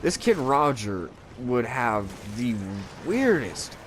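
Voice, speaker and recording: Young guy rambling through a story while gaming, swears constantly, pitch jumps all over, bit of noise behind. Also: slow. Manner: profane, rambling, animated storytelling with raised voices for quotes. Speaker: co-host of a gaming video.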